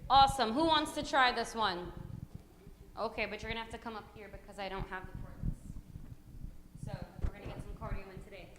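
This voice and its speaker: A woman teaching a hymn class, upbeat and coaxing, calling out brisk prompts to her students. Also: medium pitch, background noise. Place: church hall classroom. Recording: echoey hall reverb.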